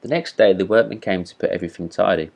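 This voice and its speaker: A man reading a classic fairy tale aloud as a storyteller, in steady read-aloud narration. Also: low voice, fast, gravelly.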